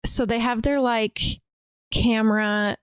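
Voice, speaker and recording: A woman's voice: fairly high pitch, slow pace, smooth, dry recording, studio quality. A woman co-hosting a podcast, recapping a film in casual chat and acting out lines from scenes. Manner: animated storytelling, acts out quotes. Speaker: podcast co-host.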